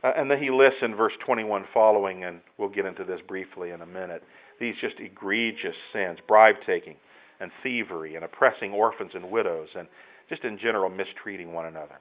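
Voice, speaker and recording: A man's voice: deep voice, fairly quick. Earnest preacher man, dull recording. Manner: earnest, emphatic, rising to loud exclamations. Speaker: pastor. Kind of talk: sermon.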